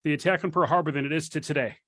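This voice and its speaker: A man's voice: fairly high pitch, rapid-fire, a bit bright. A man chatting on a podcast, telling stories eagerly and with enthusiasm. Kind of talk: casual chat.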